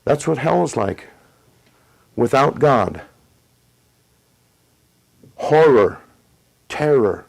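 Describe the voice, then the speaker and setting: In a sermon, a middle-aged male preacher tells a testimony, pacing the story with dramatic pauses before pushing his voice up for emphasis. His darkish voice sits in an ordinary middle male range, sing-song with vocal fry. The recording is rough.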